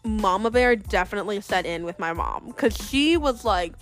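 A young woman telling a personal story in a chatty, animated way, acting out the voices of the people she quotes. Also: mid-range voice, normal speed, faint music behind. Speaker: vlogger. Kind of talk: casual storytelling.

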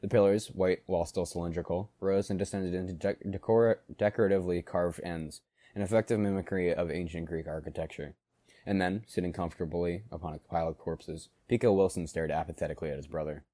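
A man's voice: deep voice, steady tone, brisk, no room sound. A man reading a story aloud and acting out the characters' lines in dialogue. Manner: acts out characters in dialogue, shouting and growling.

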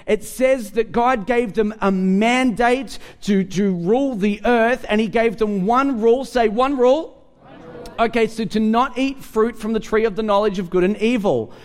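Very high-voiced preacher giving a sermon. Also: male voice. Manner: animated, humorous, repeats words when starting sentences. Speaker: pastor.

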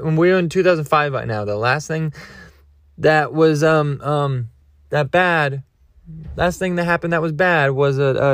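A young man hosts a podcast in a mid-range voice, recorded at studio quality with no room sound. He tells a meandering, comic, rambling story, full of restarts and self-mocking jokes at his own expense.

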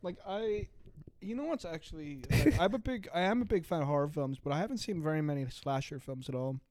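A man's voice: fairly high pitch, brisk, a little mellow, no room sound. A young man co-hosting a podcast, chatting in a rambling, joking way and swearing freely. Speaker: podcast co-host. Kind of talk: casual chat.

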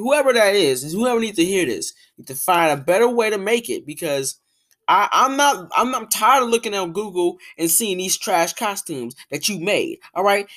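Young woman host, lower voice, exasperated casual rant, animated. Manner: exasperated, animated ranting with repeated fillers. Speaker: podcast host. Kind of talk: casual ranting monologue.

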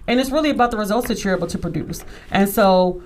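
A woman with a mid-range voice speaks fast while hosting a radio show. She chats casually, tells stories expressively, and laughs often in a lively manner.

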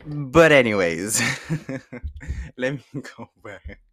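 A man spinning a personal story in loose, casual chat. His voice sits at an ordinary middle pitch, and he talks in an animated, profane way that swings between exasperation and amusement. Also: takes it slowly. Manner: animated, profane, laughs often.

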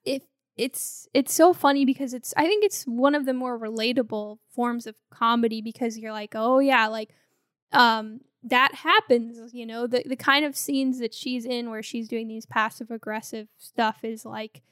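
A woman's voice: fairly high pitch, fairly even intonation, normal speed, clear, resonant tone, no room sound, studio quality. A woman co-hosting a podcast, casually chatting about a film, laughing often and acting out quotes. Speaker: podcast co-host.

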